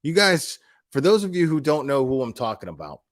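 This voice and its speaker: A man's voice: mid-range voice, very animated, brisk, no room sound, clean studio sound. Blunt, profane man ranting on a live stream. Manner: blunt, profane, heated and mocking; repeats and restarts words often. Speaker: YouTube commentary streamer. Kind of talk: casual live-stream commentary.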